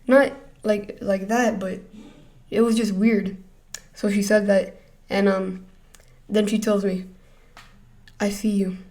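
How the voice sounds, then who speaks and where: Flat, mellow-voiced young male storyteller. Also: high-pitched, slow, long pauses. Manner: rambling storytelling, hesitant. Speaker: vlogger. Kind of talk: storytime vlog.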